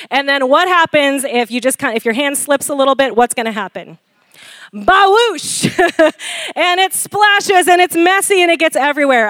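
A woman giving a casual, animated sermon as a preacher, acting out quoted lines and often asking the congregation "Amen?". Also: a little high, no room sound. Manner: frequent light laughter and call-and-response "Amen?". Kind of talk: conversational sermon.

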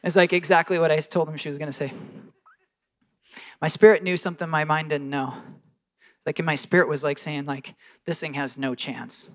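A man preaching a sermon, telling stories with lively quoted voices and casual fillers. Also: fairly high pitch, fairly quick. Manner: animated storytelling with quoted voices. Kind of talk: sermon storytelling.

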